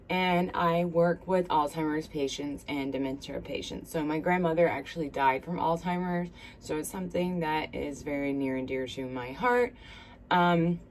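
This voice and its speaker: A Southern woman in her thirties talks casually to her viewers, drifting from one aside to the next as she does her makeup. Her voice sits low. It is captured on a smartphone with a faint hiss underneath. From South Carolina. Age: 30s. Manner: chatty, rambling, friendly asides to viewers. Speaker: beauty vlogger. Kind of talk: casual get-ready-with-me chat.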